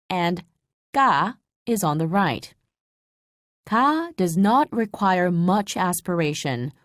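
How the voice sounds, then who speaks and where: Woman narrating a clear scripted lesson. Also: lowish voice, no echo, studio quality. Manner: clear, measured explanation. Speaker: language instructor.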